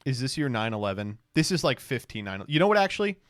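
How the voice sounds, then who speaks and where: A man's voice: mid-range voice, sing-song, fast, dry recording. A man streaming, giving casual, mocking reaction commentary in a rambling way.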